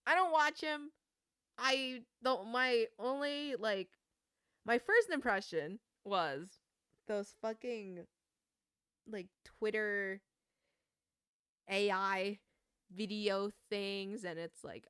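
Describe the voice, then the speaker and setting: A young woman streaming a game, ranting casually with swearing and quick laughs while chatting to viewers. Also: on the high side, animated, sharp tone, clear, resonant tone, no room sound, studio quality. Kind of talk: casual gaming stream chat.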